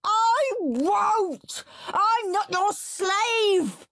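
A woman's voice: animated, a little slow, no room sound, clean studio sound. A woman voicing a lazy, defiant young boy who howls and wails in a storybook reading. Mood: wailing. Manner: shrill howling and wailing.

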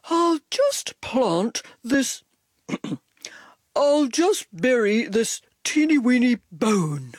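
A woman voicing an excitable, eager young male dog in a storybook. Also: medium pitch, slow pace, breathy edge, dry recording, studio quality, full character voice. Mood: excited.

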